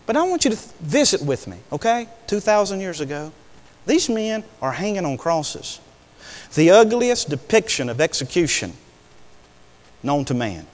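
An older male preacher delivering an impassioned sermon, swinging between hushed words and loud declarations. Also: sits high, big pitch swings, moderate pace. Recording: long hall reverb.

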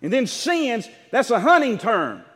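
With wildly swooping pitch and a very high voice, a male pastor preaches emphatically, and a long reverb tail trails behind him. He draws out words, builds to rising shouts, and calls questions to his congregation.

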